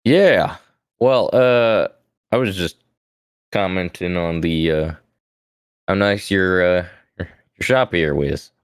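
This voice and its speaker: Deep-voiced man playing a tabletop game. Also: slow pace, pauses often, clear, resonant tone, no room sound, studio quality. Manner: hesitant, filler-heavy, laid-back. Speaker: player. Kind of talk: casual in-character role-play.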